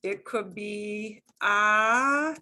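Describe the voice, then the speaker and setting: A middle-aged woman teaching a beginner Spanish class, modeling phrases slowly and clearly while explaining in English. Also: mid-range voice, sharp tone. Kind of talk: beginner language lesson.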